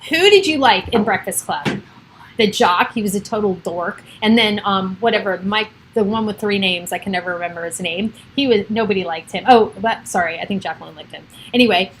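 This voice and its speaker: A woman's voice: mid-range voice, a little fast, slight background noise, poor audio. A middle-aged woman hosting a casual livestream from her home, rambling and chatty, laughing often. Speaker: livestream host. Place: home with children and pets around.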